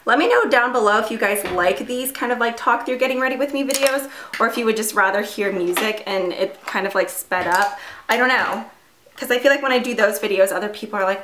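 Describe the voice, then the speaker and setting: A young woman talks her way through a makeup routine in a relaxed, rambling way, dropping plenty of fillers and poking fun at herself. Her mid-height voice bounces off the walls of an echoey room. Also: medium pitch, fast talker, slight background noise. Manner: chatty, filler-heavy, self-deprecating. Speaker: beauty vlogger. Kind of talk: casual makeup tutorial chat.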